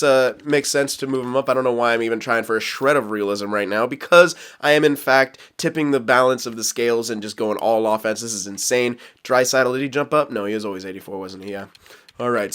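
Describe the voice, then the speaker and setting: A man's voice: medium pitch, fairly bright tone, clear, resonant tone. A man talking his way through a hockey franchise game for his channel. He rambles off on tangents and laughs at himself while he sorts his lineup. His tone stays loose and chatty throughout. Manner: rambling, self-aware, quick to laugh; talks to viewers while managing a hockey franchise. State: hiccups. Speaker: gaming YouTuber. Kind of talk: casual gameplay commentary.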